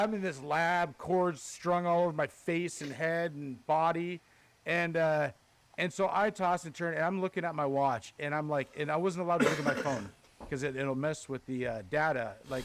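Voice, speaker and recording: A podcast host with a slightly high voice tells a story in a loose, chatty way. Animated and cursing often, he retells each exchange as quoted dialogue, switching between his own lines and those of the other people.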